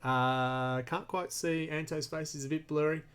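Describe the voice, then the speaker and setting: A man hosting a casual hobby podcast, chatty and loud, laughing often. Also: on the high side, fairly even intonation, measured pace, smooth. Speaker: podcast host. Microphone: desk mic while streaming.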